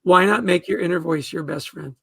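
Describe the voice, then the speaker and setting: High, gravelly-voiced man speaking earnestly. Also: fairly quick, fairly bright tone, no echo. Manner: earnest, emphatic, repeats words when starting phrases. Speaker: guest author. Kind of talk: podcast interview conversation.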